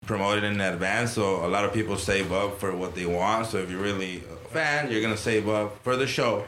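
A man's voice: on the low side, normal speed, fairly bright tone, a little hiss or hum. A man adding dry, laid-back remarks in a casual podcast chat. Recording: echoey room with faint ambience.

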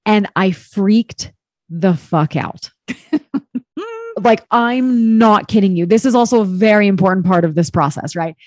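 A woman's voice: mid-range voice, measured pace, darkish tone, no echo. Chatty, candid woman in a dry room. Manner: candid, chatty storytelling full of "like" and mild swearing. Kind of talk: casual chat.

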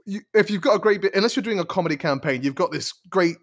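A man's voice: sits high, fast, fairly bright tone. A man in casual podcast chat, talking enthusiastically with frequent stumbles and restarts.

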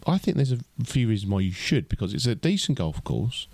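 A man co-hosts a casual podcast chat, rambling and chatty with plenty of fillers and restarts. His voice is on the low side, darkish and husky, very animated and brisk, in a dry recording.

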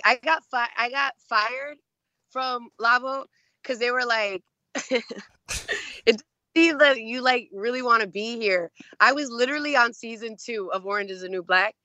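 A woman's voice: fairly high pitch, pushed and bright, no room sound, dull audio. A woman being interviewed as an actress, telling stories in a chatty way with lots of fillers. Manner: chatty, many fillers, acts out quoted voices. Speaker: actress guest. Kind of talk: casual interview storytelling.

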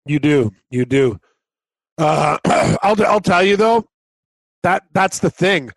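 High-voiced, easygoing male podcast co-host. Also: lively intonation, takes it slowly, no echo. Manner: easygoing, laughs often, ribs his partner. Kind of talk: casual sports betting chat.

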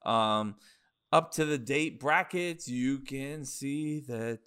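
A man's voice: mid-range voice, slow pace, sharp tone, clean tone. A man hosting a casual podcast, wrapping up with loose, profane, rambling plugs. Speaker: podcast host.

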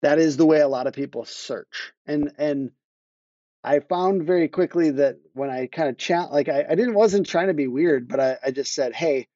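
Guy rambling on a podcast, kinda high voice, mellow tone, dull lo-fi sound. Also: moderate pace, no echo. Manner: rambling, self-interrupting, laughs while telling stories. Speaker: guest, marketing agency owner. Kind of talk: casual podcast conversation.

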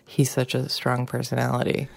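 A woman's voice: very deep voice, moderate pace, gravelly. A woman co-hosting a parenting podcast, chatting casually about her toddler, laughing often. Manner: relaxed, laughs often, uses filler words. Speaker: podcast co-host, mother.

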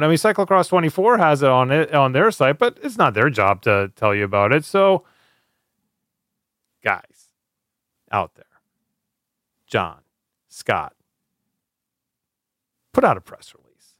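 A man's voice: mid-range voice, animated, unhurried, pauses often, fairly bright tone, no echo. Male podcast co-host, opinionated, dry close mic. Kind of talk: casual chat, opinionated rant.

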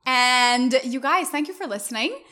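A woman's voice: high-pitched, expressive, normal speed, sharp tone. A woman co-hosting a casual podcast chat, playful and teasing, laughing often. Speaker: podcast co-host.

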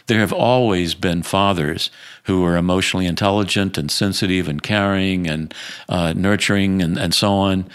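Deep-voiced man, emphatic guest. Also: moderate pace, clean tone. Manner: emphatic, repeats points, some fillers. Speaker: author guest. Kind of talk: conversational interview answers.

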